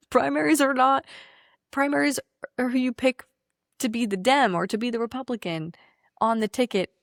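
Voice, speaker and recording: A woman talks through politics on a podcast, emphatic and quick to swear, often breaking into laughter. Her voice sits at an ordinary middle pitch. The sound is dry and close, with no room around it. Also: no room sound. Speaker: podcast co-host. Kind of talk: casual political chat.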